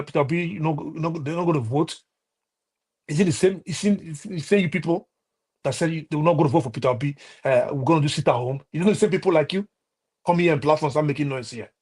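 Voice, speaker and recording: A man with a Nigerian accent giving heated political commentary on a live stream, scolding and halting with many restarts. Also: on the high side, darkish tone.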